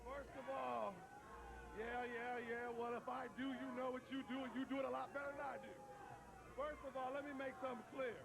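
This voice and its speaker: Man, wrestler, very high voice, gravelly, brash trash talk, studio promo. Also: flat delivery, fairly quick.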